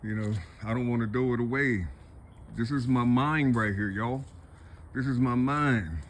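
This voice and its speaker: A middle-aged man rambles on in a loose, emotional monologue, repeating himself and swearing freely. His voice sits at an ordinary middle pitch and turns tearful, with faint noise in the background. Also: a little slow. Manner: rambling, repetitive, profane, full of "you see". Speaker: vlogger.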